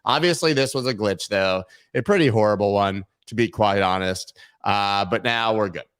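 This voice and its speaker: A man hosting a live crypto news show talks to viewers from his webcam in a casual, playful chat, cracking jokes and riffing on silly bits. His fairly low voice is a bit bright and clean, at normal speed.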